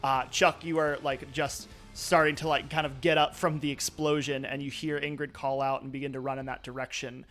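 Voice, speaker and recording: A man's voice: mid-range voice, little pitch movement, a little fast, hardly any pauses, fairly bright tone, soft background music. A man narrating as game master of a live tabletop role-playing game, talking loosely with many fillers.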